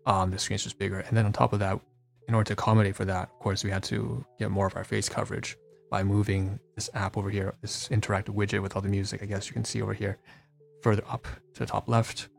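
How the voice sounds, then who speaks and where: A man with a deep, gravelly voice gives a casual walkthrough of his streaming setup. His delivery stays flat and halting as he stops, restarts and corrects himself. He sounds stressed and a little detached, with faint music playing behind him. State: stressed, feeling dissociated. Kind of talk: casual screen-share walkthrough.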